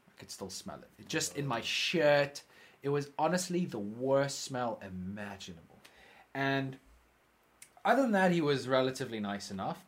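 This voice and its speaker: A man telling stories in a relaxed chat with a friend. He swears freely and slips into quick voices for the people in his tales. His pitch sits in an ordinary middle range. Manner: animated, swearing, acts out quoted people. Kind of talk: casual storytelling chat.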